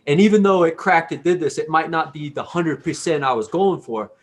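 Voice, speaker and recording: A man's voice: a little high, a little fast. A man hosting an interview, mostly agreeing briefly and adding his own thoughts. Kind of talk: casual interview talk.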